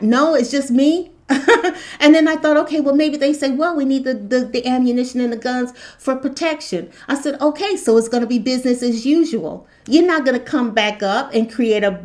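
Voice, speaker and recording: A woman's voice: a little high, darkish tone. Impassioned woman firing rhetorical questions. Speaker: spiritual commentator. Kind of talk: spoken commentary monologue.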